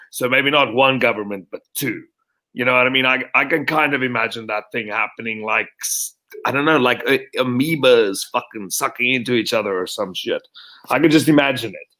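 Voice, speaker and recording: A man's voice: medium pitch, pushed and bright. A man co-hosting a casual podcast, rambling and hesitant as he searches for words. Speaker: podcast co-host. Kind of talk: casual chat.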